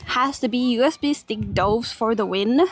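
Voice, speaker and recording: Young finnish girl walking a park on stream, giggly, talks to chat, a bit high pitched. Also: normal speed, dry recording. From Finland. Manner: chatty, giggly, reads and answers chat while walking. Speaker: IRL streamer. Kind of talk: casual live-stream chat. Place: large park outdoors.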